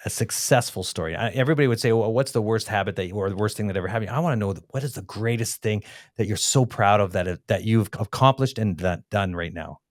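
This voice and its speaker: Rambling podcast host, dry close sound. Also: male voice, fairly low pitch, quick pace, no echo. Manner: rambling, teasing questions. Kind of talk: casual interview questions.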